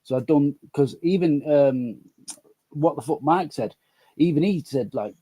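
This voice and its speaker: A man's voice: fairly high pitch, lively intonation, measured pace, warm tone, slightly rough. A man, a guest on a casual live chat, rambling, apologetic and sweary. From Manchester area. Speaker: guest caller.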